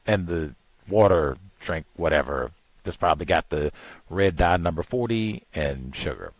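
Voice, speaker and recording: A talk show host delivers casual, exasperated commentary, swinging from low mutters to incredulous high-pitched outbursts. He's expressive, keeps a moderate pace, and the audio has no echo.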